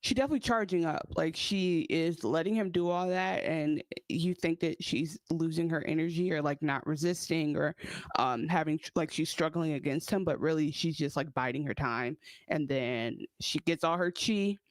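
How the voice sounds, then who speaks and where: A woman's voice: low voice, normal speed, no echo. A woman co-hosting a podcast, chatting casually about a TV episode with playful banter. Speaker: podcast co-host. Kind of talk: casual recap chat.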